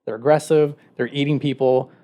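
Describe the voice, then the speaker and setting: Retelling a story in a rambling, casual chat, this podcast co-host leans heavily on filler words. His mid-range voice is dark in tone, fairly even in intonation, and a little fast.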